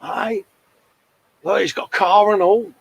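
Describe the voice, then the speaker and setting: A man's voice: medium pitch, normal speed, no room sound. A man, hosting a casual model-building live show in a chatty, jokey way, often calling people mate. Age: 40s. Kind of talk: casual chat. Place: hobby workbench.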